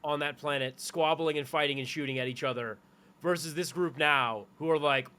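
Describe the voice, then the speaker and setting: A man with a somewhat high voice co-hosting a casual podcast. He rambles loosely, leaning on "like" and restarting his sentences. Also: moderate pace, sharp tone, smooth. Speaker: podcast co-host. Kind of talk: casual chat.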